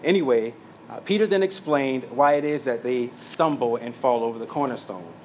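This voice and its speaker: A man's voice: medium pitch, lively intonation, moderate pace, a little mellow, slight background noise. Man preaching a teaching sermon. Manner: teaching from notes, many fillers and asides. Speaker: pastor.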